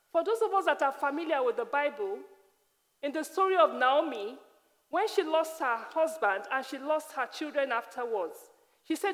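A high-voiced woman from Africa preaches a personal testimony, emphatic and slowing to repeat key phrases. Her words carry a long reverb from a large hall or church. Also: lively intonation.

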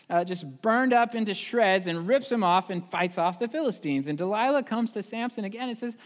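A male pastor retells a story in a relaxed, animated sermon, with an everyday ring of ums and asides. His voice sits a little high for a man. A long church reverb follows each phrase. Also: moderate pace. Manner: casual, animated storytelling with fillers.

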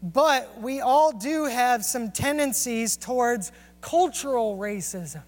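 A man's voice: very high voice, lively intonation, slow pace. A man preaching a sermon and telling personal stories in an earnest, confessional way. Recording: long hall reverb.

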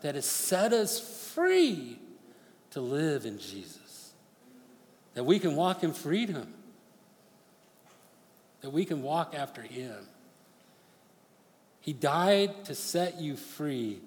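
A man preaching a sermon as pastor, swinging from forceful near-shouted appeals to hushed, quick storytelling. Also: mid-range voice, animated. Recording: long reverb of a large hall.

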